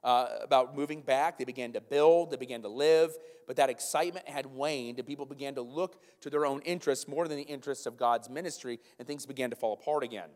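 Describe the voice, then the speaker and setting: A man preaching a sermon in a church sanctuary, animated, with stumbling restarts and repeated words. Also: medium pitch, quick pace, hardly any pauses. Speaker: pastor. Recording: long church hall reverb.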